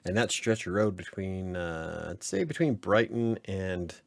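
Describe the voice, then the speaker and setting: A man's voice: sits low, animated, measured pace, creaky. A man co-hosting a podcast, chiming in with laid-back casual comments. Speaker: podcast co-host. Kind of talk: casual chat.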